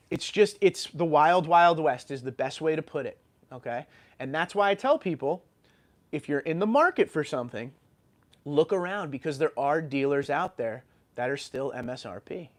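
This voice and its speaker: An opinionated man from New York rants on his livestream and answers viewer comments in a lively, animated way. His voice sits a bit high for a man, and a lingering sore throat roughens it. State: sore throat, just recovered from illness. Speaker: YouTube channel host.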